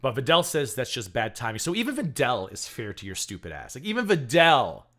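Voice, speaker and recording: A man's voice: mid-range voice, wildly swooping pitch, a little fast, fairly bright tone. A man hosting a livestream, commenting in a profane, sarcastic rant. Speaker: livestream host.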